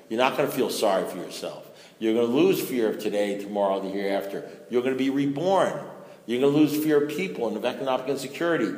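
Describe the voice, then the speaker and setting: A man sharing his story as a recovering alcoholic at a recovery meeting, in a conversational way full of "you know"s that rises to loud bursts. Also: medium pitch. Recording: echoey hall reverb.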